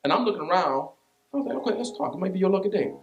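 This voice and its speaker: Preaching as a pastor, this man recounts a personal story with animated energy, lots of repetition and vernacular asides. His voice sits high and comes rapid-fire, and the highs are cut off.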